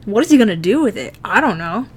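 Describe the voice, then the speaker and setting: A woman's voice: medium pitch, big pitch swings, fast talker, husky. A woman streaming herself drawing, chatting casually, laughing often and swearing freely as she teases herself. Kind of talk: casual chat while drawing.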